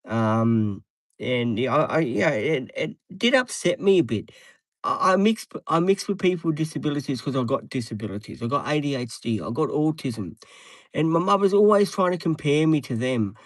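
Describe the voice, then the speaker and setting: Man, 30s, rambling casual streamer, dry close sound, middle pitch. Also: sing-song, normal speed, dry recording, rough recording. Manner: rambling, repetitive, frequent ums and restarts. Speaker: live streamer. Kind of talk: casual live stream chat. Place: inside a parked van, dim light.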